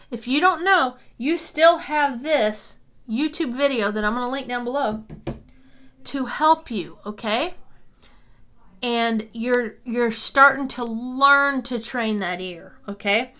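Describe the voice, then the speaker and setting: A woman's voice: fairly high pitch, slow pace, sharp tone. A woman teaching a music lesson, talking patiently and reassuringly, often checking in with "okay?", and sometimes singing along.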